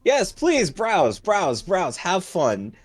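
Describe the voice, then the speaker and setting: A man voicing a cheerful, flamboyant male merchant who greets customers in a high, sing-song voice. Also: huge pitch swings, slow pace, faint music behind, exaggerated voice. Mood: effusive welcome.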